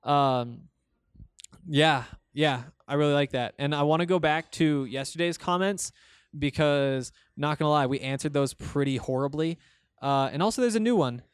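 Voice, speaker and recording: A young man with a fairly high, smooth voice, chatting on his own podcast. He rambles along loosely, with plenty of fillers and restarts. The sound is dry and close to the mic. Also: moderate pace, no echo. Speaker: podcast host. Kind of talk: casual solo podcast, reading listener comments.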